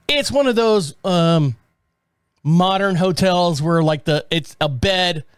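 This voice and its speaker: A man's voice: sits high, lively intonation, slow pace, long pauses, smooth, dry recording. A man hosting a podcast in a studio, talking in a rambling, chatty way full of asides and jokes. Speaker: podcast host. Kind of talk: casual chat. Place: podcast studio with several cameras.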